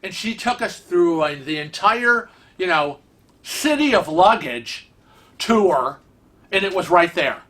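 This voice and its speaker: Male vlog host, animated storyteller, slightly raised pitch, tense bright tone. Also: slow pace. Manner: chatty, animated, acts out quoted dialogue. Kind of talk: casual storytelling.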